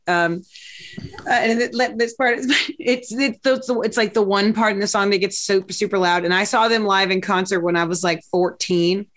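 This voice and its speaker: A woman in her thirties with an American accent, co-hosting a casual comedy chat, animated and laughing, reading quotes aloud in put-on voices. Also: lowish voice. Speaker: podcast co-host.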